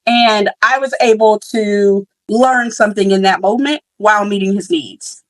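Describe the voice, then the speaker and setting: A woman's voice: medium pitch, normal speed, dry recording, rough recording. A young woman hosting a podcast, telling a story in a casual, candid way with many fillers and restarts. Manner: candid and reflective. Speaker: podcast host.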